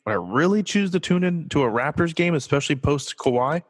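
A man's voice: a little high, animated, a little fast, long reverb tail. A man from Los Angeles hosting his own sports talk show, casual and joking, asking himself rhetorical questions. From Los Angeles, USA. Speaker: podcast host.

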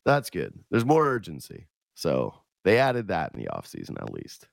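A man's voice: sits low, wildly swooping pitch, moderate pace, gravelly, no echo, studio quality. A man with a cold hosting a sports radio show, talking alone in a sarcastic, rambling way with lots of restarts. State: sick, losing his voice. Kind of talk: casual solo monologue. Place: radio studio.

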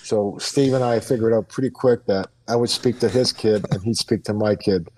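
Deep-voiced middle-aged man, set back from mic. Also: moderate pace, darkish tone, recorded from a distance, slight background noise, low-quality recording. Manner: earnest, reflective, many fillers and restarts. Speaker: guest, retired pro hockey player. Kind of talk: casual podcast interview.

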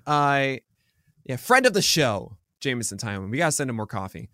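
A man's voice: medium pitch, very animated, bright, forceful tone, no echo, studio quality. A man co-hosting a sports podcast, talking casually and rambling, correcting himself as he goes. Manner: rambling, self-correcting, quick to joke. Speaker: podcast co-host. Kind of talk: casual chat.

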